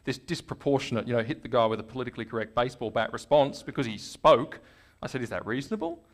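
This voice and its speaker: An Australian man, a guest in an interview, telling stories in a lively conversational way and acting out the people he quotes. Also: mid-range voice, fast. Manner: animated storyteller, acts out quoted voices.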